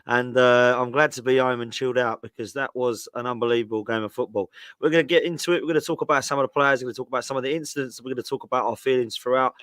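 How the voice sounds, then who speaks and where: Hoarse host, dry close sound. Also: male voice, medium pitch, steady tone, racing, fairly bright tone, no room sound. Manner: upbeat, chummy. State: hoarse from shouting. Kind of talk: casual football chat.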